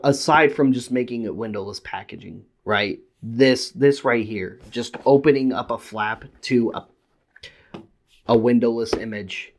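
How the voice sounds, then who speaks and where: A man talks through a toy review in a casual, unscripted way. His voice sits a little low, and he stammers and repeats words as he goes. He moves between heated ranting and sheepish apology.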